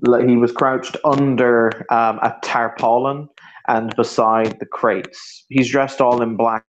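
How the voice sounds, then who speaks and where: A man narrates a tabletop roleplaying game as game master, often restarting his sentences. The recording sounds roomy and a bit dull, with faint noise behind him. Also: medium pitch. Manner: descriptive, with frequent restarts. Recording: roomy, muffled home recording.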